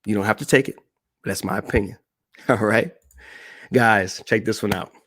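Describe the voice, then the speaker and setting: A man's voice: on the low side, moderate pace, a bit bright. A man speaking as a motivational speaker on a live-stream broadcast, emphatic and repeating key phrases while addressing the audience directly.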